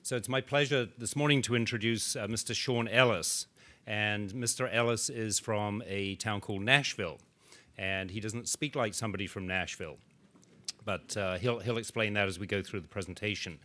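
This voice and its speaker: Low-pitched man, conference co-chair, measured speaker intro at a stand mic. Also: bright, forceful tone. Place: conference hall. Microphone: stand microphone.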